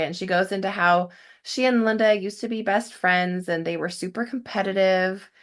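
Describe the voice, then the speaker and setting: A young adult woman podcast host recapping an episode, animated and quick to laugh. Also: on the low side. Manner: animated storytelling, laughs often. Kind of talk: recap commentary.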